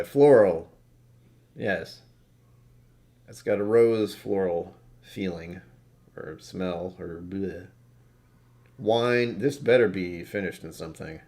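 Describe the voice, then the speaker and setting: A man's voice: low-pitched, dark tone. A tired man casually rambling through whisky tasting notes, self-deprecating and swearing now and then. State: tired from poor sleep. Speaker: whisky reviewer.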